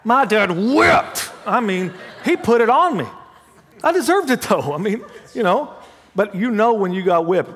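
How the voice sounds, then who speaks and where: Pastor guy preaching, high lively voice, swings loud to quiet, big church echo. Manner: dramatic swings from loud to hushed prayer; humorous storytelling with laughs. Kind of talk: sermon. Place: church sanctuary. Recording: long hall reverb.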